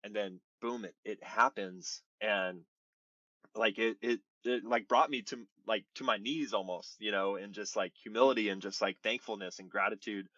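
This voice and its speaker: A man in his thirties, a baseball pitcher telling his story as a podcast guest in an earnest, rambling way, full of "like" and "you know". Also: steady tone, normal speed, sharp tone, no room sound, lo-fi sound. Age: 30s. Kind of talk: casual interview storytelling.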